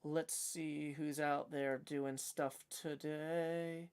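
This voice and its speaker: A man's voice: a little high, little pitch movement, very slow, clean tone. A man with a Southern US accent chatting casually on his livestream as host, rambling with lots of fillers. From Tennessee. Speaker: streamer host.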